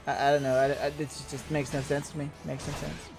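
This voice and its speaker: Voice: mid-range voice, little pitch movement, fairly quick, music in the background. A gamer giving playful, rambling commentary on an online role-playing game, joking and laughing along. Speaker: game streamer. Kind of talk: let's play commentary.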